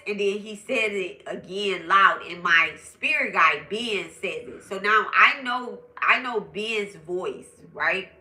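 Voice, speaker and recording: Bright-voiced woman medium telling a story. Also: mid-range voice, slow, few pauses, echoey room, poor audio. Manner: chatty, animated, addresses viewers directly. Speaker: spiritual medium. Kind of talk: casual storytelling to viewers.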